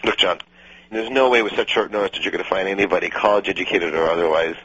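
A man's voice: deep voice, fairly even intonation, quick pace, pushed and bright, slightly rough, dry recording, highs cut off, exaggerated voice. A man playing a pushy, boastful friend who shows off his schoolboy French in a scripted radio comedy. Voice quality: smug, teasing, self-assured. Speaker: eager friend offering to translate.

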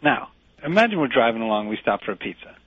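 A man's voice: mid-range voice, big pitch swings, fast, dry recording. A man in an improvised comedy sketch, pushing a friend to use a Brooklyn accent with brash, insulting, rambling tirades. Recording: dry, phone-like lo-fi recording.

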